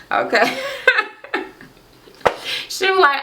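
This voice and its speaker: A woman's voice: fairly low pitch, animated, moderate pace, noisy background. Sassy, profane woman recapping reality TV. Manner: profane, sassy, mocking commentary. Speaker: YouTube reality-show recapper. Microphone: camera microphone. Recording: roomy, echoey room.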